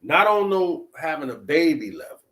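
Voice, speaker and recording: A man's voice: fairly high pitch, big pitch swings, normal speed, fairly bright tone, poor audio. A man hosting a talk show, chatting casually and putting questions to his listeners. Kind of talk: casual commentary.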